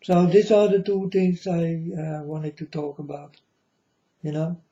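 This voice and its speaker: A man in a rambling monologue to his viewers, earnest and repetitive, with halting non-native phrasing. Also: a little high, warm tone, highs cut off. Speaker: vlogger addressing viewers.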